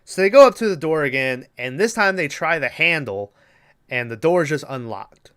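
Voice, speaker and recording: Bright, crisp-voiced man recapping a movie. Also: on the high side, expressive, normal speed. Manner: loose, profane storytelling, acts out characters' lines. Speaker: podcast co-host. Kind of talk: casual movie-recap chat.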